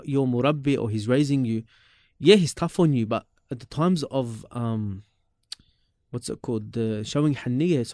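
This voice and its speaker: A man talks through old memories in relaxed, animated chat. He often circles back and repeats words as he goes. His voice sits at an ordinary middle pitch, and the sound is close and dry with no room echo. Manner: animated, repeats words, mixes in Arabic religious terms. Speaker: podcast guest recalling his teachers. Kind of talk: casual storytelling chat.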